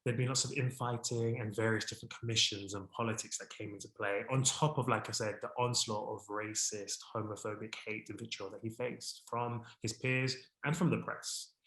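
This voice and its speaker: Expressive man in an echoey room. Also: normal speed, hardly any pauses. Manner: expressive, warm about his subject, rises in pitch and volume when excited; reads a French poem aloud with care. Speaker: speaker giving a history talk. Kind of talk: presentation to an online audience.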